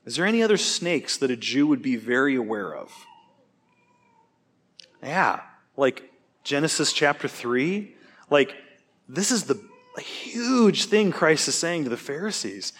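A man teaching a Bible study class, asking the class questions and cracking jokes between points. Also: fairly high pitch. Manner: animated, joking, quick asides, questions to the class.

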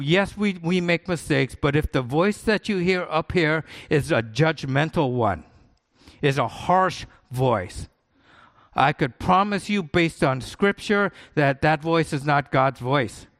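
A man's voice: a little high, animated, measured pace. A middle-aged man, a pastor, preaching a sermon in an earnest, conversational way, repeating his key points for emphasis.

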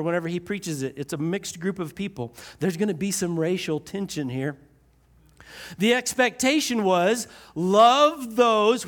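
A man preaching a sermon, slowing down to stress key lines and using dry sarcasm. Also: very high voice, a bit bright.

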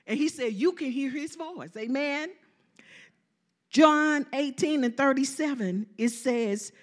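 A woman preaching a sermon, calling out to the congregation and repeating lines for emphasis, swinging from loud to soft. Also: on the high side, unhurried.

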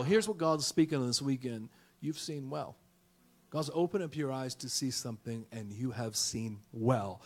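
A middle-aged male pastor preaching a lively sermon in a church, calling out to the congregation and rhyming. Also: mid-range voice, moderate pace. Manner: fired-up preaching with call-and-response and rhymes. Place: church sanctuary.

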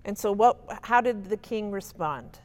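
A woman's voice: medium pitch, expressive, unhurried. A woman teaching a Bible study in a conversational, emphatic way, often checking in with her listeners. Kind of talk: casual teaching talk.

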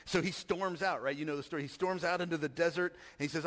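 A man's voice: a little high, steady tone, fast talker, hardly any pauses, a bit bright, long reverb tail. A man giving a casual sermon and reading scripture aloud, talking conversationally and often checking in with his listeners. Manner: conversational, asks the audience. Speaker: preacher.

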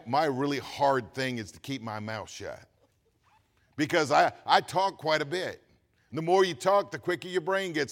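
A man preaching a sermon as pastor, reading scripture slowly and swinging between loud emphatic lines and quiet asides. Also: mid-range voice. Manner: reads scripture slowly with stress.

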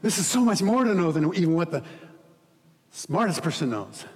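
A man preaching as pastor, earnest, dropping quiet for scripture reading and rising to emphatic pleading. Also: on the high side, very animated, normal speed, in a large hall. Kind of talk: sermon.

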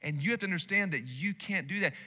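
A male pastor preaching with a bright, forceful, somewhat high voice, swinging between loud declarations and quiet asides. The sound carries long reverb from a large church sanctuary. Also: expressive, quick pace. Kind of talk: sermon.

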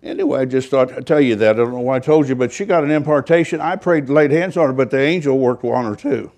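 Older pastor, folksy rambling sermon story, kinda jokey about himself. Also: male voice, medium pitch, quick pace, darkish tone. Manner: folksy, rambling, self-deprecating humor.

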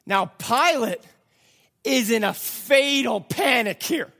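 A man preaching a sermon, reading scripture and explaining it in a slow, dramatic way that builds to emphatic outbursts. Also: very high-pitched, lively intonation, gravelly, fairly bright tone. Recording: long hall reverb.

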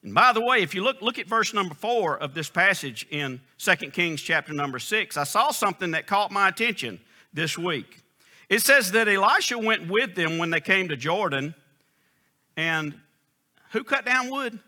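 Animated preacher man. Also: sits high, normal speed. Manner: animated, emphatic, folksy storytelling. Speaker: pastor. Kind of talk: sermon.

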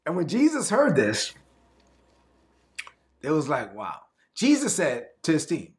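A man's voice: high-pitched, wildly swooping pitch, unhurried, gravelly, fairly bright tone. A man preaching a sermon as pastor, conversational and emphatic with dramatic swings.

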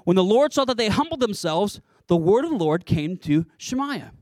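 A man preaching a sermon in an animated, conversational way, with playful asides. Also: high voice, normal speed, dry recording, studio quality. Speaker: pastor.

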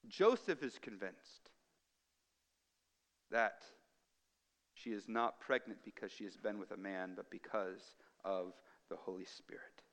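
A man preaching a sermon as pastor, swinging from hushed, drawn-out phrases to loud, emphatic ones. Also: lowish voice, lively intonation, big-room sound.

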